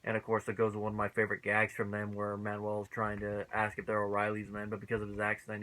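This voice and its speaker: A man giving a casual spoken review of a TV episode, chatty, laughing often and filling his pauses with "uh". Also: on the low side, level tone, fairly bright tone, low-quality recording.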